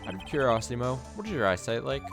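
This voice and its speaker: A man's voice: mid-range voice, big pitch swings, rapid-fire. A man voicing an earnest young male defense lawyer in a let's play, asking probing questions, with game music behind.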